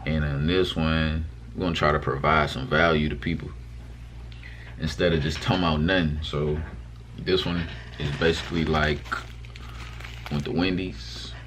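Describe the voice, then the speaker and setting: A young male vlogger chats casually to his viewers during a mukbang, rambling loosely to camera with lots of fillers and restarts. His voice is very deep with fairly even intonation and a moderate pace, against a noisy background.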